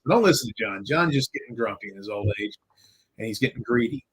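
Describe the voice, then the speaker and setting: A man's voice: mid-range voice, fast, fairly bright tone, husky, rough recording. A man hosting a live podcast, chatting casually in a rambling, jokey way and swearing now and then. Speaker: podcast host. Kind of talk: casual live-stream chat.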